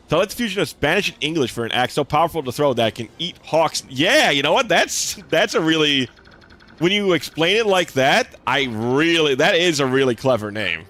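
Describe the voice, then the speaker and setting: A man's voice: fairly high pitch, fairly bright tone. Chatty young man streaming a game. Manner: rambling, chatty, lots of fillers and restarts. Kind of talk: casual gameplay commentary. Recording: faint game music behind.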